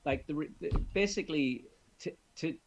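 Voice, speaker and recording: Relaxed man hosting a livestream. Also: on the high side, normal speed, muffled recording, a little hiss or hum. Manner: relaxed, friendly, thankful, with hesitations. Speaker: channel host. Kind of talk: casual livestream chat.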